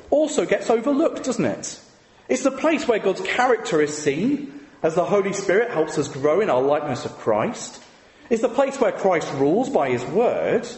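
A man's voice: high voice, darkish tone. A man preaching a sermon, conversational and full of rhetorical questions. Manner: conversational, asks the congregation rhetorical tag questions. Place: church. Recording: echoey hall with long reverb.

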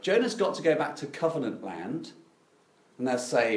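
A man preaching a sermon in a roomy, echoing space. His pitch swings widely as he tells stories with dry, self-mocking irony. He is middle-aged, with a voice of ordinary height. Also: moderate pace. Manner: animated, self-deprecating storytelling with dry irony.

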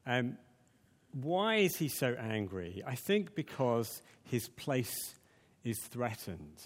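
A man's voice: medium pitch, very animated, slow, big-room sound. A man preaching a conversational sermon, full of fillers and restarts.

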